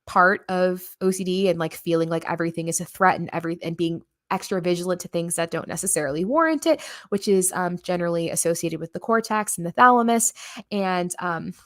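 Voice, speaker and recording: A woman's voice: lowish voice, no room sound. Earnest woman hosting a livestream, dry sound. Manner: earnest and quick, with fillers. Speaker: livestream host. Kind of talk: casual livestream talk.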